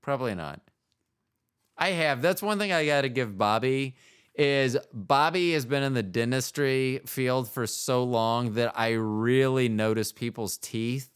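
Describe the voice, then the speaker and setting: A man's voice: mid-range voice, a little slow, smooth. A man hosting a podcast, telling jokes and rambling in casual chat, often trailing off mid-sentence. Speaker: podcast host.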